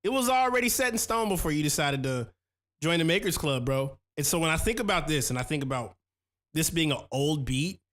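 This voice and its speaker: A man's voice: on the high side, fairly bright tone. A man in his thirties hosting a casual stream, reading viewer comments aloud and talking loose and slangy about making beats. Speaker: host reviewing viewer beats. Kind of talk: casual livestream chat.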